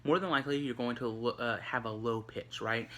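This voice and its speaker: A man teaches a recorded lesson in a bright, ringing voice. He speaks casually, with plenty of "um"s and restarts, like he is chatting with students. A faint ambient noise sits under the recording. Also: medium pitch, fairly even intonation, fairly quick. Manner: conversational, many fillers and restarts. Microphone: recorded for an online video.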